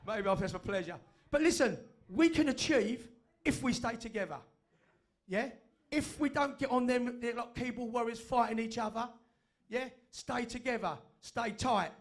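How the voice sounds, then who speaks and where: Fiery high-voiced man. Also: normal speed. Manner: fiery, sweary, repetitive. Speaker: fan group speaker. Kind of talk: impassioned speech to a meeting. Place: meeting room with audience.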